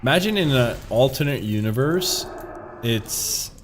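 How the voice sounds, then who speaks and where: A man's voice: medium pitch, expressive, unhurried, a little hiss or hum. A man streaming a game, rambling casually with jokes, swearing and frequent laughter. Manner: rambling, profane, joking, laughs often. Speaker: gaming streamer. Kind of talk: casual chat while gaming.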